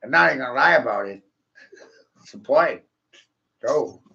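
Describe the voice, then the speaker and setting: A man's voice: medium pitch, lively intonation, normal speed, gravelly, pushed and bright, dull audio. A man rambling through a vlog monologue, cursing, taunting his viewers and laughing at his own jokes.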